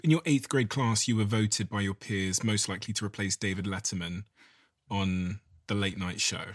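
A male interviewer asks curious, probing questions in a somewhat low voice. The sound is dry and close to the mic. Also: normal speed, no echo. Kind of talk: interview chat.

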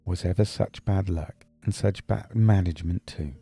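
A male reader voicing a brilliant, brisk detective in an audiobook, speaking in a crisp, measured way. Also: deep voice, warm tone, dry recording, faint music behind, full character voice. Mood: explaining. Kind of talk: audiobook character reading.

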